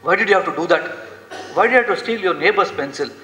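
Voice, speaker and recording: A man's voice: high-pitched, expressive, quick pace, bright, forceful tone, pitched above the performer's own voice. A man playing a tired, irritated father who scolds in exasperation, in an echoey hall. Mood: exasperated.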